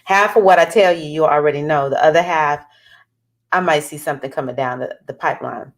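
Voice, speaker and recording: A woman astrologer talking casually to her viewers in an animated, chatty way, with bursts of excitement. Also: low voice, fairly quick. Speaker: astrologer giving readings. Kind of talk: casual talking-head vlog.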